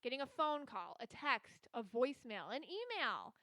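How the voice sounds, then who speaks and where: Woman podcast host and psychic reader, solo and casual, rambling and chatty, bright and smooth, dry close sound. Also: sits high, sing-song, normal speed, dry recording. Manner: chatty, rambling, heavy with filler words.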